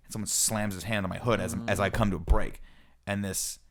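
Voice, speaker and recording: A young man with a somewhat low voice rattles through a story on a casual podcast. He talks quickly and acts out what each person said. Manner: animated storyteller, acts out quoted lines. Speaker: podcast co-host.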